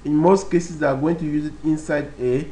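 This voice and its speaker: The recording is rough, and the man's voice runs on the high side, warm in tone with fairly even intonation. Slowly and methodically, he explains web page fundamentals in a screen-capture tutorial, often repeating himself and using many fillers.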